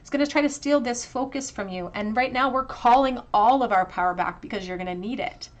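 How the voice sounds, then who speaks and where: A woman giving a tarot card reading to her viewers, earnest and emotional, often pausing with fillers and restarts. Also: a little high. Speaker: tarot reader.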